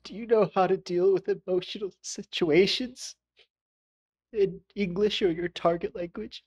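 A man's voice: high voice, steady tone, a little slow, darkish tone, husky. An American man teaching English pronunciation in a casual video lesson, repeating sounds to model them.

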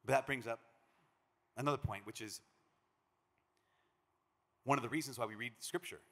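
A man from Minnesota, a priest giving a conference talk, an animated storyteller who acts out the quotes he tells. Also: mid-range voice, normal speed, creaky. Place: large conference hall. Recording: long reverb of a big hall.

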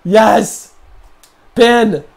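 A young man giving gameplay commentary, swearing often and shouting at the game. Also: high voice, very slow, gravelly. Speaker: let's play commentator.

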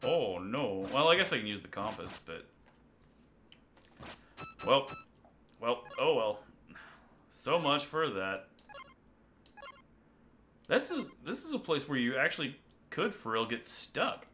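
A man's voice: medium pitch, very animated, takes it slowly, long pauses, pushed and bright, a little hiss or hum. A young man casually commenting on a game he plays live, chatting and laughing with his viewers. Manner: chatty, laughing, talking to chat. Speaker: streamer. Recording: game music behind the voice.

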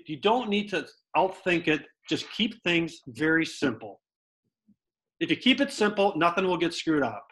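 A middle-aged man telling lively stories as a guest, a former baseball player. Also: on the high side, low-quality recording. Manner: animated, lively storyteller. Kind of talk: storytelling anecdotes.

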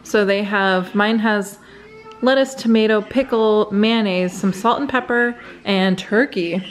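A woman's voice: mid-range voice, unhurried. A woman in her thirties hosting a casual family vlog at home, chatty and laughing often. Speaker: vlog host. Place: home kitchen.

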